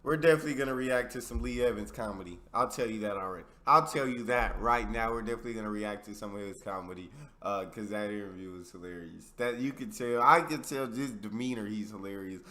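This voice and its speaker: A man's voice: fairly low pitch, quick pace, few pauses, sharp tone. A man from the United States hosting a reaction video, commenting in a laid-back way and repeating himself. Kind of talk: casual commentary.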